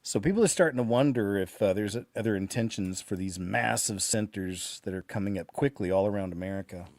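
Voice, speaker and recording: Low-voiced man hosting casual commentary. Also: brisk, darkish tone, no room sound. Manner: loose and conversational, with chuckles and fillers. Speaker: host.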